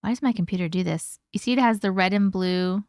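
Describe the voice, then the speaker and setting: A woman's voice: medium pitch, quick pace, darkish tone, no echo, studio quality. A woman hosting a live stream, chatting casually with viewers, swearing freely and laughing often. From part Italian heritage, American. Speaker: host reading viewer stories.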